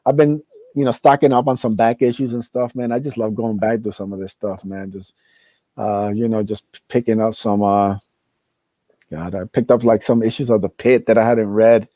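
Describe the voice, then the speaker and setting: A man's voice: on the low side, steady tone, moderate pace, mellow, no echo. A man in casual podcast chat, talking enthusiastically and rambling with many fillers. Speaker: podcast guest, comic creator.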